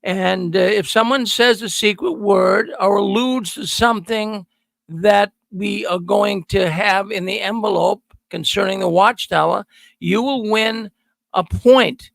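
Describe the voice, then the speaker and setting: Folksy middle-aged host, high and bright, gravelly edge, dry close mic, stresses every point. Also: male voice, a little slow, dry recording. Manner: folksy, emphatic, repeats words for stress. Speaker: call-in show host. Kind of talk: energetic monologue to viewers. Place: studio.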